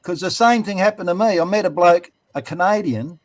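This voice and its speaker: A man's voice: sits high, fairly quick. A man with an Australian accent in a casual panel chat, spinning laid-back yarns with easy laughs. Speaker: panel guest.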